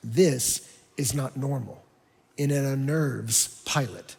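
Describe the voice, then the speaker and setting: A male pastor preaching an expository sermon, moving between hushed low passages and emphatic raised ones. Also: takes it slowly, vocal fry, breathy edge. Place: large church auditorium. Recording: church hall reverb.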